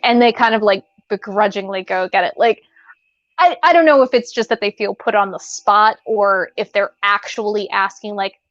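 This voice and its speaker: A woman's voice: mid-range voice, normal speed, a bit bright, no room sound. A woman co-hosting a podcast in casual chat, rambling with lots of fillers and restarts. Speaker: podcast co-host. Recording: dull lo-fi sound.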